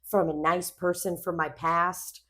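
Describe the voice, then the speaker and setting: A young woman co-hosts a podcast with a lowish, unhurried voice. She rambles through casual chat, swearing a lot and telling stories in an animated way.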